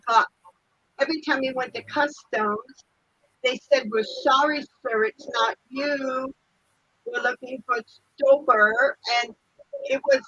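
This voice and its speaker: A woman's voice: high-pitched, fairly bright tone, husky, no room sound, highs cut off. An older woman telling a story in a casual chat, laughing often and acting out other people's lines, heard over a video call. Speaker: guest.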